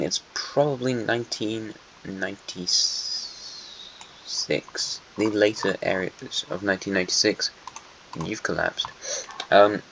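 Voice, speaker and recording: A man's voice: lowish voice, fairly bright tone. A young man giving casual, playful commentary on a strategy game, chatting to and teasing the nations on the map. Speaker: channel host. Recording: muffled lo-fi home mic with faint noise.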